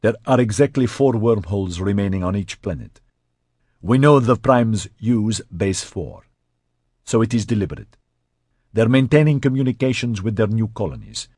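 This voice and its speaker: A pale male strategist lays out his reasoning with firm, exact precision, as a deep-voiced narrator plays him. The voice is husky and close, in a dry reading. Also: animated, moderate pace, darkish tone, dry recording.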